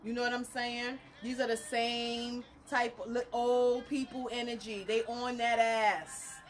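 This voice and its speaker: A woman, a spiritual reader talking casually to her viewers, animated and blunt, laughing through her stories. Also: a little high, measured pace. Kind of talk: casual live talk to viewers.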